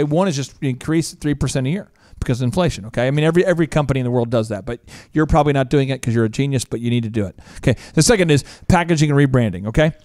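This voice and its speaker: Male business podcast host, animated and jokey, higher voice, dry studio sound. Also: dry recording. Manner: animated, jokey, quick asides and voice impressions. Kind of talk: energetic casual business talk.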